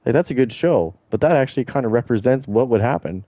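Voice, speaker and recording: A man's voice: medium pitch, animated, fast, mellow, no room sound. A middle-aged man streaming a game, ranting in a blunt, profane, rambling way. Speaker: gaming streamer. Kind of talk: casual rant while streaming.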